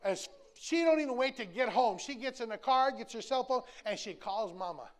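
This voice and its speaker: A man's voice: extremely high pitch, expressive, moderate pace. A man, preaching a sermon in an emphatic, folksy, repetitive way with touches of humor. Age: 60s. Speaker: pastor.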